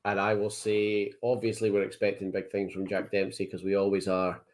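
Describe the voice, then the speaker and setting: A man with a lowish voice talks sport with friends. He lays out his opinions and stories with easy confidence. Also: completely flat delivery, a little fast, a little mellow. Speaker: podcast guest. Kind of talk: casual sports chat.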